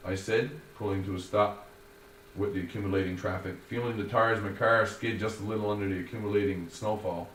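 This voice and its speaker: A man reading his own first-person story in a wordy, formal, measured way. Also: on the low side, fairly even intonation, fairly bright tone. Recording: roomy, distant, faint noise.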